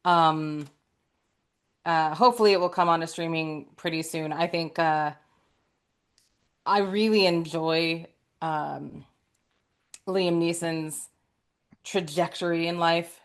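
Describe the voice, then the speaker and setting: A woman co-hosts a podcast, chatting casually and eagerly about movies with plenty of fillers and laughter. Her voice is low and clean, with fairly even intonation, a slow pace, and long pauses.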